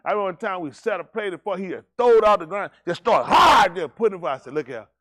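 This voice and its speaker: A man's voice: sits high, lively intonation, fast, a bit bright. A man leading a congregation, bantering casually and teasing people in a joking, folksy way.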